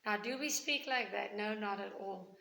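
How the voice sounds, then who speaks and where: A woman's voice: medium pitch, normal speed, gravelly, pushed and bright, roomy sound, low-quality recording. A woman, a primary school teacher patiently explaining grammar to young children with repeated examples. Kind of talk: recorded grammar lesson for children.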